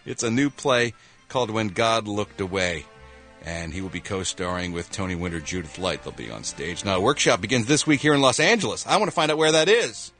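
A man from Philadelphia hosting a morning radio show, reading entertainment news in an animated, jokey way with quick voiced reactions. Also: lowish voice, faint music behind. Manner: animated, jokey, with quick sound-effect interjections. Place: radio studio.

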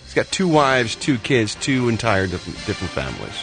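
A man's voice: mid-range voice, big pitch swings, fairly quick, a bit bright. A man doing the entertainment news on a morning show, sarcastic and mock-exasperated, with faint music behind him. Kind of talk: comic showbiz news segment.

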